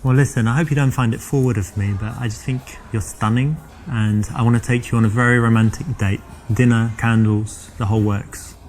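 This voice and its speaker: A man's voice: mid-range voice, fairly even intonation, a little mellow, lightly acted. A man playing a smug London flirt. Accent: London English. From England. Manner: smug, self-assured, halting with fillers. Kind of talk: game dialogue acting.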